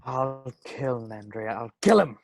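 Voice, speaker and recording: A man's voice: medium pitch, lively intonation, slow pace, gravelly. A man voicing an elderly, wealthy park owner at an amateur table read, livid one moment and formally polite the next. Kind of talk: table read over video call.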